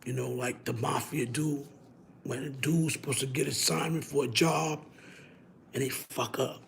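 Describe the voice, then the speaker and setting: A hoarse, sick man chatting casually and slangily on a phone live stream, tagging his lines with "you heard?". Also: mid-range voice, fairly even intonation, measured pace, slight background noise.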